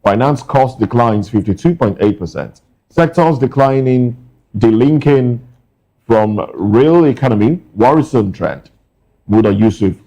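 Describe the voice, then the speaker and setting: A man's voice: mid-range voice, dark tone, rough recording. A man co-hosting a morning newspaper review, reading headlines in clipped bursts with brief asides. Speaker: news show co-host.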